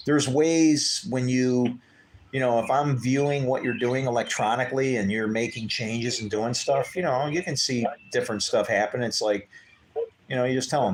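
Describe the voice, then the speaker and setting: Male streamer, mid pitch, casual storyteller who jumps into character voices, faint background hum. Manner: animated, acts out quoted voices with big pitch jumps. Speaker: livestream host.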